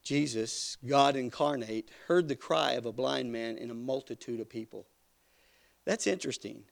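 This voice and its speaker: A man preaching a sermon, building from quiet, hushed passages to loud, rising emphasis. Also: mid-range voice, normal speed, vocal fry.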